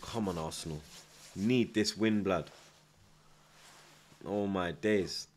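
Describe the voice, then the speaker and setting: A man's voice: low-pitched, slow pace, darkish tone, a little hiss or hum. Slangy guy hyping a stream. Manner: slangy, repeats himself, reads out chat, nervous yet hyped. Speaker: football watchalong streamer. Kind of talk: casual live-stream chat.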